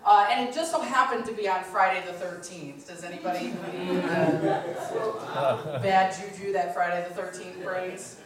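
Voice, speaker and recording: A woman's voice: fairly low pitch, a little slow, crowd noise. A woman in her thirties performing live stand-up comedy, telling chatty stories and acting out what people said. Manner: chatty storytelling, acting out quotes. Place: lounge stage. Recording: very echoey room, distant mic.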